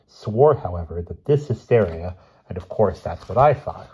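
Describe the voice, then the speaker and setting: Male storyteller, very low husky voice, calm measured delivery, dull lo-fi recording. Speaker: audiobook reader. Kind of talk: reading a short story aloud.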